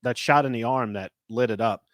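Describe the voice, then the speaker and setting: A man hosting a casual sports podcast, talking in an animated, rambling way with lots of filler words. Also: medium pitch, a little fast, no room sound, studio quality. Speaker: podcast host.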